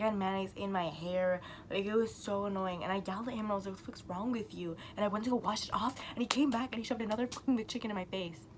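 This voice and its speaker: A woman's voice: medium pitch, slight background noise. Rambling young woman telling a story. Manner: rambling, heavy on filler words and swearing; animated, acts out quotes. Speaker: vlogger. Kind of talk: storytime vlog.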